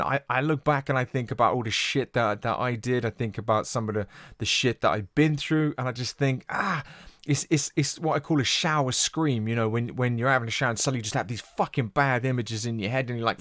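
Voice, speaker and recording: A British man in casual reaction chat, open and unguarded, swearing freely and breaking into laughs. His voice sits at an ordinary pitch. The recording is close and dry with no room sound. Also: brisk, dry recording. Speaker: music reaction channel host.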